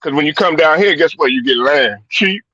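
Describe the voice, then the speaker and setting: High-pitched, sharp-toned man. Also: lively intonation, brisk, no echo. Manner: loose, profane, rambling storytelling. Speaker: podcast host. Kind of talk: casual sports chat. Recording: dull lo-fi stream audio.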